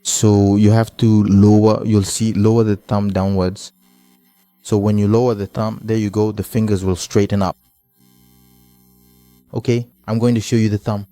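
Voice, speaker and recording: Man, bass teacher, mellow low voice, repeats himself, patient demonstrating. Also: little pitch movement, moderate pace, long pauses, no echo. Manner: repetitive, patient step-by-step explaining. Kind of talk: hands-on instrument lesson.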